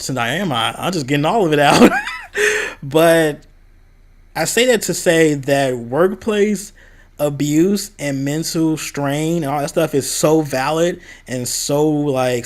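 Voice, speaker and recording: In a casual vlog, a young man from the American Midwest speaks at a moderate pace in a fairly high voice. He is candid as he vents about an old job, raising his voice whenever he quotes others.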